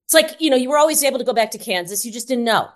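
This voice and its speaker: A woman co-hosting a casual podcast, animated and chatty, full of "like" and "um". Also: a little high, rapid-fire. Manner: animated, fillers like "like" and "um". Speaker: podcast co-host.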